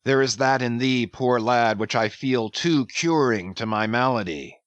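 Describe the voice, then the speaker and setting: A man's voice: mid-range voice, unhurried, no echo, highs cut off, natural voice. A man playing a grim, obsessed sea captain. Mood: stern. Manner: solemn, stern, archaic speech. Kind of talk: dramatic audiobook reading.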